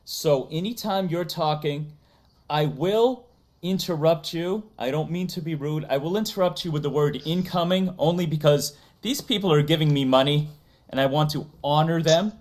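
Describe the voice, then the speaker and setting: A woman's voice: low voice, normal speed, darkish tone. A woman with a Massachusetts accent, hosting a casual livestream and playfully reading out donations. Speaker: stream host.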